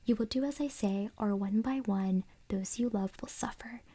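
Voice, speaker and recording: A woman voicing an evil male ventriloquist dummy in a growly, rasping whisper, as whispered role-play. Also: medium pitch, normal speed, mellow, lightly acted. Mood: menacing.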